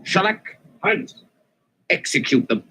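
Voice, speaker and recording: An actor playing a menacing, tyrannical male warlord aristocrat, speaking in slow, threatening commands in a 1970s television drama style. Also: pushed and bright.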